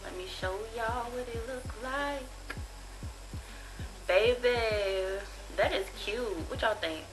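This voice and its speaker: A woman's voice: fairly high pitch, takes it slowly, poor audio. Blunt, gushing young woman with music behind. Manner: blunt, profane, chatty, gushing. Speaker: vlogger reviewing a jewelry haul. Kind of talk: casual haul review.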